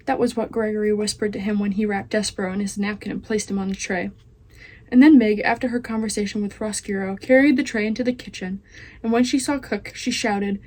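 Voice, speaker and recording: A woman's voice: mid-range voice, brisk, a little mellow. A teenage girl, a student, reading chapters of a children's novel aloud. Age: teens. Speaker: student reader.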